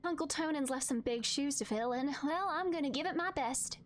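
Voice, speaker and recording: A woman's voice: high voice, a little fast, pitched above the performer's own voice, natural voice. A woman voicing an eager young female council member in a put-on Southern US accent, folksy and earnest.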